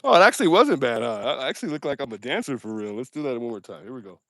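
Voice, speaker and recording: A man's voice: mid-range voice, animated, racing, fairly bright tone, dry recording, studio quality. A man hosting a casual livestream outdoors at night, joking and poking fun at himself as he talks straight to his chat. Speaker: livestream host.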